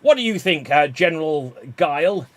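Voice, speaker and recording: A man voicing a bossy squad commander who rallies his troops loudly, with hesitant fillers. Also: a little high, expressive, moderate pace, no echo, natural voice. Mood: rallying.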